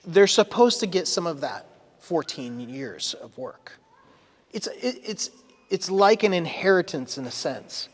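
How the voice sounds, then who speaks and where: A man with a notably high voice preaches in a church sanctuary. He keeps it conversational but leans into dramatic readings of scripture. His words trail into a long reverb from the hall. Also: big pitch swings, unhurried. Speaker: pastor. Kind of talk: sermon.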